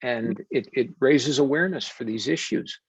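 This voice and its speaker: An American man, a wellness coach, telling stories earnestly and deliberately in an interview, with frequent fillers. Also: medium pitch, breathy edge, no room sound. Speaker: wellness coach and podcast guest. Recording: dull dry remote audio.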